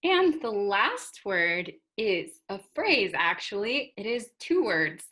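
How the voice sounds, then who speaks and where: A woman's voice: mid-range voice, sing-song, sharp tone. A woman teaching English vocabulary to learners, carefully modeling and spelling out each word. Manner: slow, deliberate, spells out and models words.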